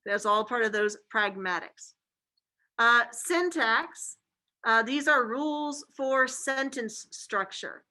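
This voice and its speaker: A woman's voice: fairly high pitch, slow, bright, forceful tone, rough recording. A woman teacher giving a casual classroom lecture, chatty and full of fillers like "okay" and "like".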